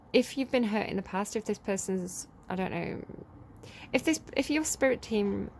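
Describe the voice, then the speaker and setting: A woman's voice: mid-range voice, darkish tone. A woman with an English accent giving a casual, chatty tarot reading, reading out card text and then riffing on it with frequent small laughs. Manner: chatty, giggly, reads card text then riffs freely. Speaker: tarot reader.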